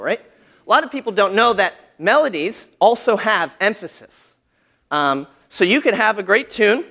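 High-voiced man teaching about hymns. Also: fairly bright tone. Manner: casual teaching with fillers and hummed examples. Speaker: hymn teacher. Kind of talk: church class lecture.

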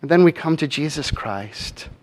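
A man's voice: a little high, lively intonation, moderate pace. A man preaching a sermon in an earnest manner, often posing rhetorical questions to his congregation. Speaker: pastor.

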